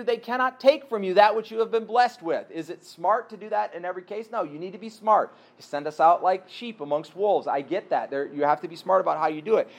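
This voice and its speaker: A man giving a sermon in an earnest, conversational way, asking his listeners rhetorical questions. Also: sits high. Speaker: pastor.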